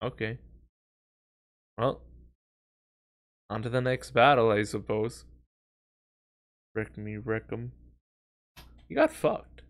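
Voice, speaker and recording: A man's voice: medium pitch, slow pace, long pauses. A man streaming a monster-fighting video game live, commentating with lots of swearing, laughter and outbursts at his opponents. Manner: excitable, profane, laughs a lot, talks to the game. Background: game music and sound effects.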